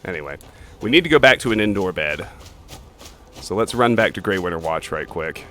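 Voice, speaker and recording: A man's voice: low-pitched, animated, fairly quick, bright, forceful tone. A man hosting a let's play, chatting casually as he plays, thinking aloud and swearing offhandedly. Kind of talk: casual gaming commentary.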